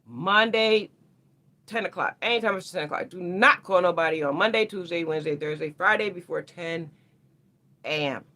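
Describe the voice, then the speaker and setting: A woman's voice: on the low side, normal speed, pushed and bright. A woman hosting a casual astrology livestream, talking to viewers in a slangy, rambling way.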